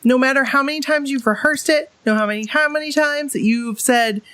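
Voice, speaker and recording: A woman's voice: high voice, a little fast, hardly any pauses, fairly bright tone, slight background noise. A woman guest-hosting a casual podcast chat, emphatic and fond of repeating phrases. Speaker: guest host.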